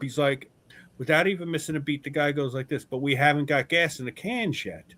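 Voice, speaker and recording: Animated man telling stories, then arguing. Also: a little high, a little fast. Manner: animated storyteller, swears, then turns to earnest argument. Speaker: podcast host. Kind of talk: casual chat.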